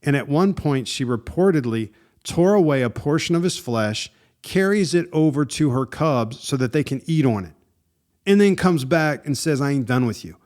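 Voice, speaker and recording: A man hosting a podcast, telling a story in a casual, animated way and often saying "dude" and "man". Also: a little high, moderate pace. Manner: animated and conversational, with frequent "dude" and "man", laughs at himself. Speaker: podcast host.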